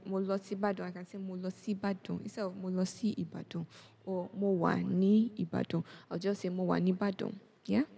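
A woman's voice: mid-range voice, vocal fry, darkish tone. A woman explaining a language lesson on a podcast, often checking in with the listener as she goes. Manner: explanatory, checks in with "yes?" and "okay?". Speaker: Yoruba language teacher.

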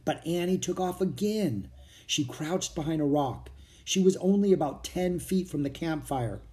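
Animated, mellow children's book reader. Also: medium pitch, normal speed. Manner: expressive, animated reading. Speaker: audiobook reader. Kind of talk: children's storybook narration.

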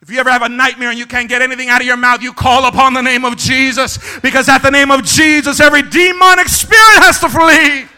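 Male pastor preaching a fiery church sermon, pitched very high with a piercing, forceful tone. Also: little pitch movement, fast, hardly any pauses, clear, resonant tone. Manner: impassioned preacher, shouts to the congregation for response. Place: church service.

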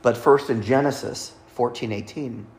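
A man with a medium-pitched, slightly mellow voice speaks at a normal speed. He is preaching a sermon, reading scripture aloud and teaching about it and the names of God, with light asides to his listeners.

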